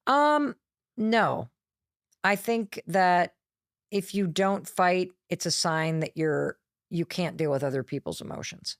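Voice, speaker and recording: Animated middle-aged woman telling a story. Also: on the low side, slow pace, dry recording, studio quality. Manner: lively, acts out quotes, candid with swearing. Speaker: guest, motivational speaker and author.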